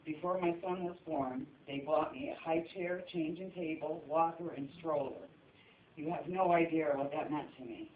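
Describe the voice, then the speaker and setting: A woman reading a funeral eulogy as steady storytelling about family memories. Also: sits low, moderate pace, a little hiss or hum. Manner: steady storytelling, breaking into laughs. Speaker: eulogy speaker. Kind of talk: funeral eulogy read from notes. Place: funeral service room. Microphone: phone recording from the audience. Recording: echoey room, distant dull phone audio.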